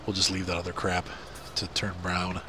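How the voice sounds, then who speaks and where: Heavy background noise surrounds this gaming video host, a middle-aged man whose nose sounds stuffed up. He speaks low and monotone at a moderate pace, chatting in a rambling, self-deprecating way as he plays a farming game.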